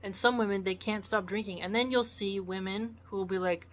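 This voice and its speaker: A woman's voice: on the low side, fairly even intonation, normal speed. A woman giving blunt, preachy solo commentary, lecturing with acted asides. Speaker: vlogger.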